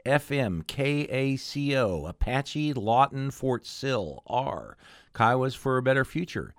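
Male radio host reading sponsors, relaxed, dry studio sound. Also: mid-range voice, takes it slowly, no room sound. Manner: casual, stumbles over names. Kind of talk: radio announcing.

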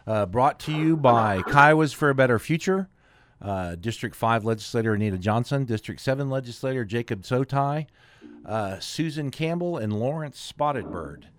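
A man hosting a radio show, introducing guests in an unhurried way with fillers. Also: mid-range voice, animated, slight background noise.

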